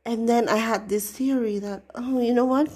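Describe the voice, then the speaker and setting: A middle-aged woman hosting a podcast, telling a story in a casual, expressive way, with dramatic asides and free swearing. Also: a little high, moderate pace, breathy edge. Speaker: podcast host.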